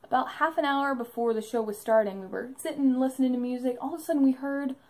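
A woman's voice: sits high, fast, a little mellow, rough recording. A young woman narrating an enthusiastic fan vlog about a live show she went to, in a bubbly storytelling manner.

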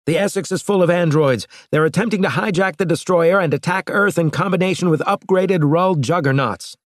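A man's voice: high-pitched, a little fast, dry recording, clean studio sound, voice pushed up, natural voice. A man voicing a resolute starship captain in an audiobook, urgent and insistent.

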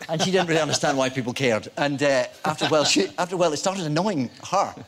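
A man in his forties, an actor guest on a talk show, telling animated anecdotes with self-deprecating humor. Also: fairly high pitch, fast.

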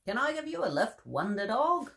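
An eager, cheerful forest ranger, put on by a woman in a bedtime storybook reading. He speaks up brightly and a little higher than the reader's own voice, friendly and keen to help. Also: big pitch swings, moderate pace, gravelly, slight background noise, full character voice.

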